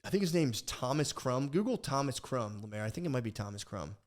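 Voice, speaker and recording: A man's voice: medium pitch, brisk. Rambling, profane young man telling a story. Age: young adult. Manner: rambling, profane, animated, with restarts and mimicked voices. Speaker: podcast co-host. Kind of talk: casual podcast storytelling.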